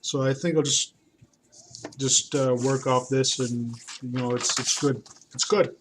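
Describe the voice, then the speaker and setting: Male artist, unhurried rambling delivery, many fillers, faint background hiss. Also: medium pitch, level tone. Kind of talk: casual talk while drawing.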